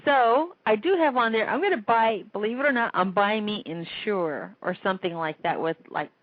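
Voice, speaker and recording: A woman's voice: mid-range voice, normal speed, dry recording. A woman hosting a casual call-in internet radio show, chatty and rambling, laughing often. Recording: tinny phone-line sound.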